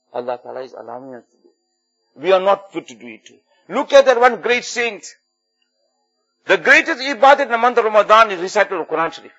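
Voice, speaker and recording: A man's voice: high-pitched, fairly bright tone, slightly rough. A man preaching a sermon in earnest, repeating key phrases for emphasis. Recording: dull lo-fi recording with faint music.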